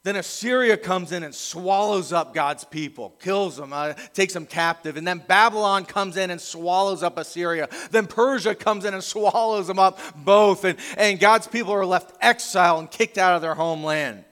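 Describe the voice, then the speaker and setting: A man's voice: sits high, moderate pace, hardly any pauses, fairly bright tone, big-room sound. A middle-aged male pastor preaching a conversational sermon, acting out the voices he quotes.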